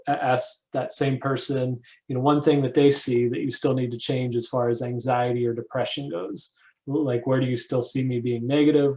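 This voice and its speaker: A male counselor talks through a lesson and homework at a mid pitch. He speaks in a halting way, restarting his words often. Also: low-quality recording. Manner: halting, frequent restarts and fillers. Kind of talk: recovery program lesson.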